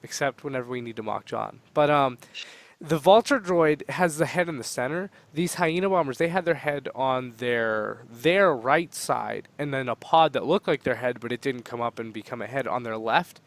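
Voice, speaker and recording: A man co-hosting a podcast in casual chat, animated and quick to argue his point. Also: mid-range voice. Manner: animated, talks over others, laughs often. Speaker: podcast co-host.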